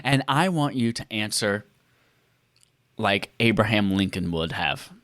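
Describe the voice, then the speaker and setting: A man's voice: fairly low pitch, lively intonation, a little slow, a bit bright, no room sound. A man co-hosting a comedy podcast, talking in a playful, punning, jokey way on a close mic. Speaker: podcast co-host. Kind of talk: casual comedy chat.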